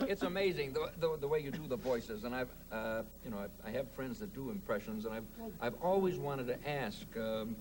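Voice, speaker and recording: A male interviewer with a mid-range voice who asks his questions hesitantly, with many fillers and restarts. Loud background noise all but swamps his words. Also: mid-range voice, animated, brisk, few pauses.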